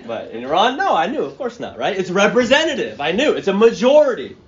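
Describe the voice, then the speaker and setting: A pastor with a notably high voice works through a Bible passage as if talking with friends. He keeps asking "right?" and "okay?" and trips over restarts as his thoughts run ahead. The recording sounds muffled and lo-fi. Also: wildly swooping pitch, brisk, crowd noise. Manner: conversational, checks in with "right?" and "okay?"; stammers and restarts mid-phrase. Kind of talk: expository sermon. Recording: dull lo-fi sound.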